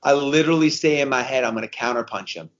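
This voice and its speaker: Energetic man in his fifties telling stories. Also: medium pitch, fast talker, muffled recording. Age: 50s. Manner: energetic storyteller, repeats himself for emphasis. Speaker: guest. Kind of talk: conversational podcast interview.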